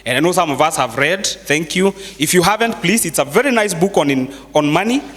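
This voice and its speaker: A man's voice: a little high, animated, fairly quick, a bit bright. Kenyan man speaking in an echoey hall. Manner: conversational, quizzes the audience, mixes in Swahili phrases. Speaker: seminar speaker. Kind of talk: live motivational finance talk. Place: large hall with a live audience. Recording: echoey hall with long reverb.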